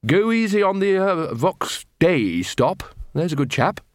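A man's voice: high voice, very animated, a little slow, no room sound, studio quality, pitched above the performer's own voice. A man voicing a bluff, hearty older male wizard chief who stumbles over his words.

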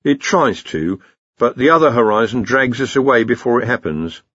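A man voicing a weary, plain-spoken male wizard who answers flatly. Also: medium pitch, normal speed, breathy edge, dry recording, highs cut off. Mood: matter-of-fact.

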